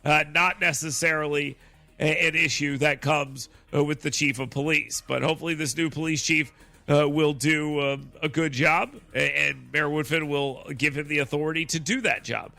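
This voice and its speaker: A man hosting a talk radio show, opinionated and sarcastic, mocking with animated asides. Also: on the high side, normal speed, creaky.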